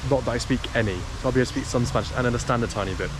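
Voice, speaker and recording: Speaking very fast at a medium pitch, a young man keeps up a self-mocking, chatty travel vlog both around town and from the driver's seat. Street ambience and vehicle noise come through the noisy outdoor camera recording.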